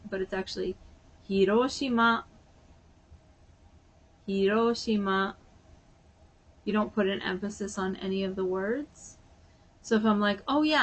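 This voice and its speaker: A woman vlogger chatting casually and sounding a bit sleepy, rambling with lots of fillers. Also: mid-range voice. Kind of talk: casual chat.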